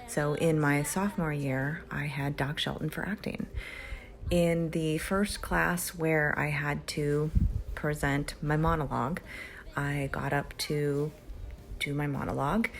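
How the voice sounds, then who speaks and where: Low-voiced woman telling an unhurried story. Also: steady tone, vocal fry. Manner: wry, self-deprecating storytelling. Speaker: former musical theater student. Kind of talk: tribute anecdote.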